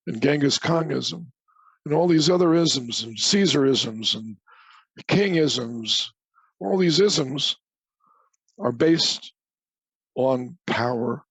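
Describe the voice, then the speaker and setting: A man's voice: mid-range voice, vocal fry, husky, no room sound, rough recording. An older man, a guest scientist, giving an opinionated conversational lecture with emphatic repetition over a remote call.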